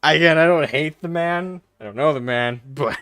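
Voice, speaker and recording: This young streamer's voice is a little high and slightly slow, pushed and bright with a clear, resonant tone. He answers chat with frequent laughter, casual swearing, and self-deprecating remarks, on a dry recording with soft music in the background.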